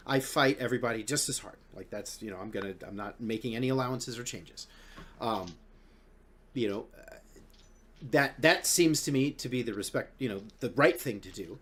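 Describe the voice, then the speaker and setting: A man's voice: medium pitch, a bit bright. A man hosting a podcast in casual chat, rambling and swearing, full of restarts. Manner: rambling, profane, many restarts. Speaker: podcast host.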